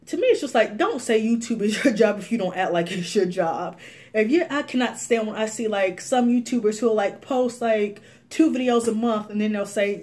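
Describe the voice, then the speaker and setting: A woman's voice: mid-range voice, moderate pace. A young woman vlogging to camera, ranting casually with lots of fillers and frequent laughs. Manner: animated, laughs often, many fillers. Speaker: beauty vlogger.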